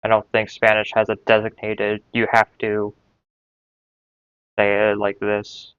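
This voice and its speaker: Slow, very crisp-voiced man thinking aloud. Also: lowish voice, completely flat delivery, a bit bright, no room sound, lo-fi sound. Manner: hesitant, trails off, repeats syllables aloud. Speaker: language learner. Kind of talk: casual thinking aloud while studying.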